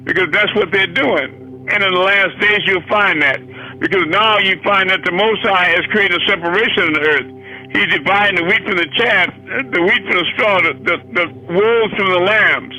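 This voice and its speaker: A man's voice: sits high, normal speed, pushed and bright, faint music behind, low-quality recording. A man preaching a fiery sermon, swearing freely and hammering rhetorical questions. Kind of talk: impassioned sermon.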